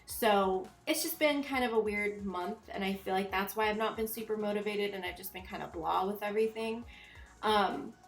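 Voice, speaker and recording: A woman's voice: medium pitch, moderate pace, roomy sound. A young woman vlogger chatting casually in a voiceover, congested and a bit nasal, rambling with lots of fillers.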